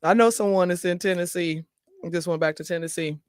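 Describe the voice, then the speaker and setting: A man with a high, steady, clear and resonant voice speaks fairly quickly in a studio-quality recording with no room sound. He hosts a casual talk show, chatting, reading viewer comments aloud, laughing often and speaking directly to viewers.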